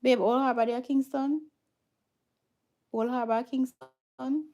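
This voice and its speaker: A woman's voice: high-pitched, steady tone, moderate pace, warm tone, highs cut off. A Jamaican woman hosting a casual livestream, chatting with viewers and slipping into patois. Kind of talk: casual livestream chat, reading viewer comments.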